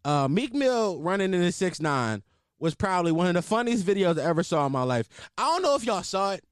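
Brisk and smooth, a young man's high-sitting voice carries his podcast's casual comedic commentary. He's animated and profane, laughing through loose riffs in a dry recording with clean studio sound.

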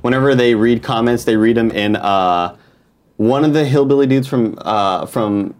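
A man's voice: medium pitch, moderate pace, darkish tone. Rambling casual man co-hosting. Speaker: show co-host. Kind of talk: casual chat.

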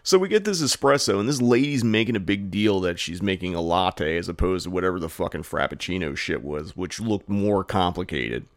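Gravelly, low-voiced podcast co-host. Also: male voice, a little fast, few pauses, no echo. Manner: rambling, profane, animated anecdote-telling with many fillers. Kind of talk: casual storytelling chat.

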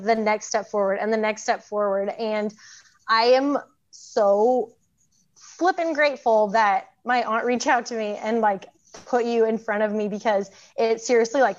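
The high frequencies are cut off in this clip of a woman with a fairly high voice. In her thirties and a graduate of the program, she shares her story casually, laughing a lot and using many fillers.

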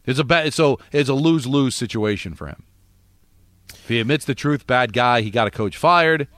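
A man co-hosting sports talk radio, arguing his case with rapid rhetorical questions. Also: mid-range voice, animated, fairly bright tone, no room sound, clean studio sound.

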